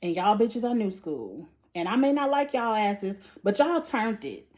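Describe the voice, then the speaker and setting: A woman's voice: mid-range voice, sing-song, measured pace, a little mellow. A woman hosting a casual recap vlog, blunt and profane with lots of slang, animatedly acting out quotes. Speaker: show reviewer and channel host.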